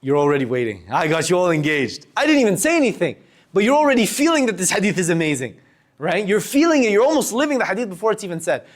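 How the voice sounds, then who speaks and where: A young man teaching a workshop on public speaking to a live group, animated and shifting his loudness and pace to demonstrate. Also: sits high, fast talker. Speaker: workshop instructor. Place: room with a live audience.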